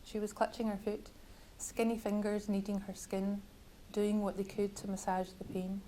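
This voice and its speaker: A woman author reading from her own novel at a bookshop event, measured and wryly literary. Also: medium pitch, little pitch movement, mellow, slight background noise, low-quality recording.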